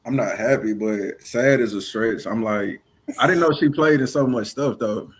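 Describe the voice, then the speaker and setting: A man's voice: mid-range voice, moderate pace, breathy edge. A man who is a returning podcast guest, chatting casually in a laid-back, curious way. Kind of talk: casual chat.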